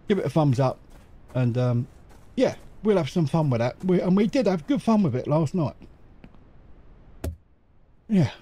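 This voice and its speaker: A man's voice: on the high side, warm tone. Giggly, chatty man gaming. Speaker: gaming YouTuber. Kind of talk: casual gameplay commentary.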